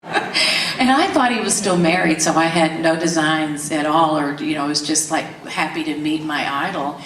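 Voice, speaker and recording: In an interview, an older woman with a low voice tells candid stories at a moderate pace, acting out the voices she quotes and laughing often. She's recorded from a distance, giving a roomy echo, slight background noise, and faint ambience.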